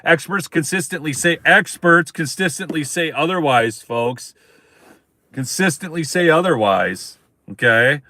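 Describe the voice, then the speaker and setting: Male stream host, higher-pitched, emphatic and repetitive, dry close-miked sound. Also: lively intonation, unhurried, pushed and bright, no room sound. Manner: emphatic, repeats points, addresses viewers as folks. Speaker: political commentary host. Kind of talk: live-stream political commentary.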